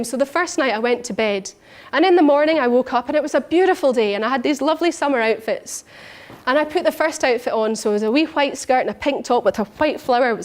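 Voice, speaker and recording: Woman, high-pitched, animated storyteller coach. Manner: animated, acts out her own thoughts in little voices. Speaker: personal development coach. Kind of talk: personal storytelling talk.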